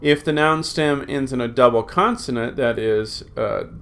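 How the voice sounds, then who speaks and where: A man's voice: mid-range voice, normal speed, fairly bright tone. A middle-aged man with an ordinary, middle-range voice gives a recorded grammar lesson. He speaks patiently, with frequent "uh" fillers, and repeats word forms aloud for students to memorize. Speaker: Greek teacher.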